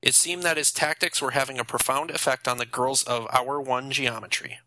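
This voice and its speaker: Bright-voiced male audiobook narrator. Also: mid-range voice, moderate pace, no room sound, low-quality recording. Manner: steady, even storytelling.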